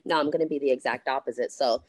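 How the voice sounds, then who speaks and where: Low-voiced woman telling her story bluntly. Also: quick pace, no room sound. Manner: frank, swears freely, animated retelling. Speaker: guest, therapist. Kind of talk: candid storytelling interview.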